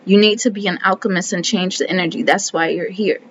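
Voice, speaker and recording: A woman's voice: on the low side, fairly even intonation, highs cut off, a little hiss or hum. Earnest woman reviewing a book. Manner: earnest, self-talking, slows to list key terms. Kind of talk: casual book review vlog.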